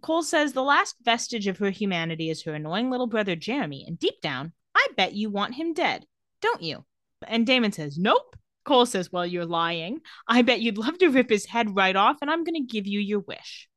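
A woman co-hosting a podcast, recapping with a bright, forceful voice that rises and falls a lot. She acts out quoted lines and laughs often. The sound is close and dry. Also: mid-range voice, moderate pace, dry recording. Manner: animated, acts out quotes with a bad British accent, laughs often. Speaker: podcast co-host recapping a TV episode. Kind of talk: casual chat.

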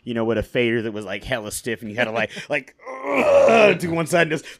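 A man's voice: medium pitch, expressive, a little fast, creaky, crowd noise. A man being interviewed on a casual podcast, telling long loose stories about his past with frequent laughs and plenty of "you know" and "like.". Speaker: podcast guest, DJ.

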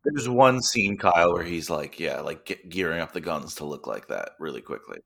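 A man's voice: low voice, lively intonation, moderate pace, creaky, fairly bright tone. A man co-hosting a podcast in casual chat, making wry, chatty asides. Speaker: podcast co-host.

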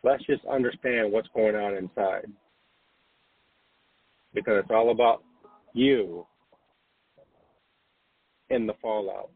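A man hosting a late-night spiritual podcast, gently reassuring listeners and guiding them to breathe and relax. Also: fairly low pitch, slow pace, long pauses, husky, no echo. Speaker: podcast host. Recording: dry, phone-like narrow sound.

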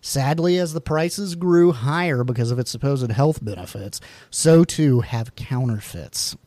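A man's voice: mid-range voice, measured pace, dark tone, no echo. A man co-hosting a podcast, reading food facts aloud with jokey asides and the odd stumble over words. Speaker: podcast co-host.

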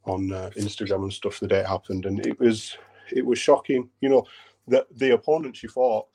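A man's voice: lowish voice, little pitch movement, fairly quick, dark tone. A man in his late thirties chatting about boxing on a podcast, hesitant and full of ums and restarts. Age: 30s. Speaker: podcast co-host. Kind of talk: casual chat.

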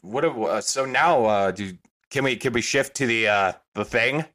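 A man's voice: mid-range voice, normal speed, sharp tone. Laid-back man with short remarks. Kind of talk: casual chat.

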